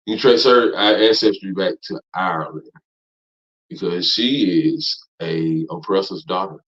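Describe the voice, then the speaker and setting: A man preaching hard in a teaching class, repeating himself, cursing, and swinging from loud outbursts down to low mutters. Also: measured pace. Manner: emphatic, repetitive, profane, swings from loud to low. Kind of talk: fiery preaching lecture. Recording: dull lo-fi recording.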